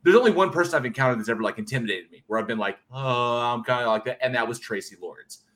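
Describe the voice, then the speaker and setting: A podcast co-host talks fast in a mid-range, slightly bright voice. In casual conversation he wanders through stories and laughs a lot.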